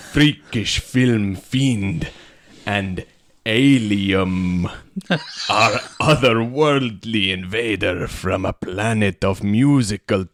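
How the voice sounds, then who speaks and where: A man putting on a slow, theatrical accent to host as a ghoulish vampire count. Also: on the low side, dry recording, clean studio sound. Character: male vampire count hosting, hammy and ghoulish.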